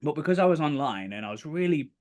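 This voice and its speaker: A British property developer, appearing as a podcast guest, tells an animated story at a quick pace in a casual storytelling interview. He acts out quotes in sudden bursts of higher pitch, and the audio sounds dull.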